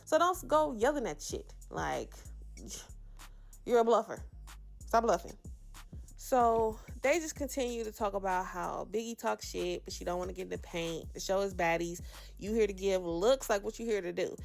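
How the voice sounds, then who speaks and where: A woman's voice: medium pitch, animated, moderate pace, gravelly, faint music behind. A woman hosting a casual reality TV recap, talking sassy and slangy with dramatic asides. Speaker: reality show recap host.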